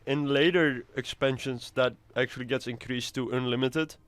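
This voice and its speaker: A man's voice: mid-range voice, fairly even intonation, moderate pace, a bit bright, no echo. A man giving casual, rambling gameplay commentary, swearing now and then. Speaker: gamer.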